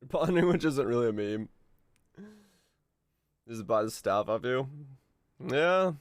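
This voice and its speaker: A man at mid pitch chats through a gaming stream, loose and easygoing, humming little tunes as he plays. His voice sounds a bit off today, and it comes across dry and close. Keyboard typing clicks along in the background. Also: takes it slowly, pauses often, dry recording. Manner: relaxed, hums to himself, chuckles. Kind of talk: casual gameplay commentary.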